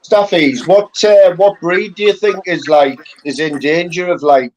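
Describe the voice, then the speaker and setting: A man puts curious questions into a casual chat. His voice sits a touch high for a man. A faint hiss of noise runs underneath. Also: unhurried, darkish tone, highs cut off.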